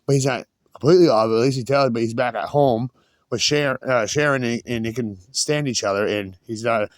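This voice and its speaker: A man's voice: mid-range voice, fairly quick, no echo. A man rambling through a casual story, restarting sentences and swearing freely. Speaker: vlogger.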